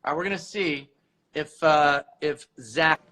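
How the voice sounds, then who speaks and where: A man hosting a casual livestream, telling lively stories while he cooks, heard over a video call. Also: fairly high pitch, unhurried, low-quality recording. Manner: lively, storytelling, talks while cooking. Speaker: host.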